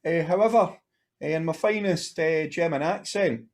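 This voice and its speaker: A man's voice: fairly high pitch, unhurried. A man co-hosting a casual beer podcast, easygoing and jokey as he introduces each beer. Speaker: podcast co-host.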